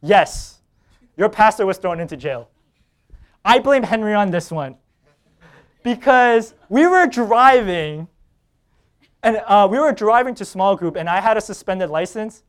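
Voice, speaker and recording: Animated high-voiced preaching pastor. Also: male voice, unhurried, long pauses, clean tone. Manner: storytelling with laughs and quoted dialogue; animated, swings between loud and hushed. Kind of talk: sermon.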